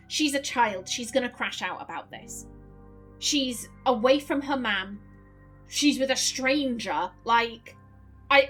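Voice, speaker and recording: A woman game host with a fairly high voice, earnest and worried, talking over quiet game music. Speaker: let's play host. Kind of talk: game commentary.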